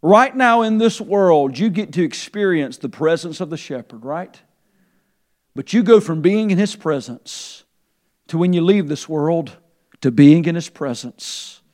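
A man preaching a sermon to his church, his voice sitting a little high for a man. He builds to a near shout when quoting scripture and sinks to a soft, low tone as he leads the congregation in prayer. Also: lively intonation, a little slow. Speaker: pastor. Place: church sanctuary.

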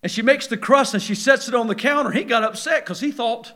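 Male preacher, very high bright voice, sermon with hushed lows and shouted climaxes. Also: expressive, fairly quick, hardly any pauses. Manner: swings from hushed, low passages to loud, shouted peaks; acts out quoted voices in storytelling.

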